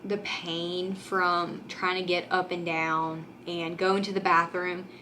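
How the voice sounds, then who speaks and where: A woman's voice: on the low side, little pitch movement, takes it slowly, pushed and bright, a little hiss or hum. A young woman vlogger talking candidly to the camera in a casual, chatty way, full of "like" and "um", close to tears at times. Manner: candid and chatty, many fillers like "like" and "um".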